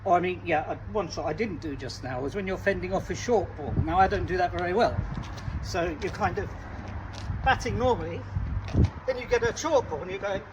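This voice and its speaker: A man's voice: high voice, brisk. A man from Italy chatting casually about cricket outdoors on a windy day, rambling and self-deprecating as he demonstrates shots. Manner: chatty, self-deprecating, trailing off mid-sentence. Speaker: cricket vlogger. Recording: distant mic, dull sound, wind and traffic noise.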